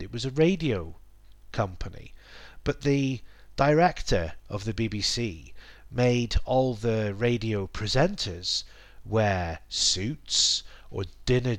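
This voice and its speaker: A man explaining language accents and dialects in a measured teaching manner, restating points and pausing with ums. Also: mid-range voice, no echo. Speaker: English teacher.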